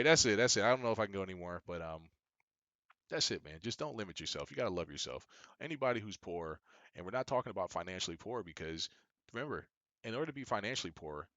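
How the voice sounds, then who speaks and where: A man's voice: low-pitched, fairly bright tone, no room sound, dull audio. A young adult man giving an emphatic, preachy monologue, often repeating himself. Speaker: business coach. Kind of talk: casual monologue commentary.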